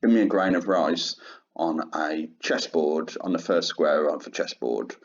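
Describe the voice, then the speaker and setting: Man doing a canny storybook peasant, matter-of-fact, deep voice, muffled sound. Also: fairly even intonation, a little slow. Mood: bargaining. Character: humble, shrewd male peasant of old. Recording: dull lo-fi sound.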